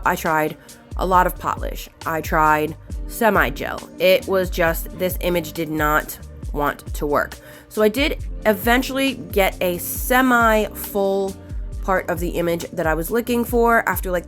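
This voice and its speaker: A woman hosting a nail art channel, talking casually while she works, rambling along with fillers and repeating words for emphasis. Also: a bit bright. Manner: talks to her cat in a high squeaky voice. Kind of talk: casual chatty tutorial narration.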